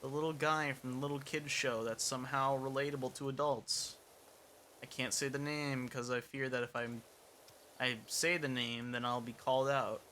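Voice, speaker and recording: At normal speed and medium pitch, with little pitch movement, a young man talks in a bright, forceful tone while streaming a game. He rambles, mutters during play, and makes fun of himself. There's a little hiss or hum.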